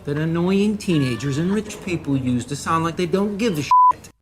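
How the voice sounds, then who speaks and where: A man playing a coffee customer in a comedy clip, mocking the cashier in a deadpan way. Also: a little high, moderate pace. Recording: noisy played clip.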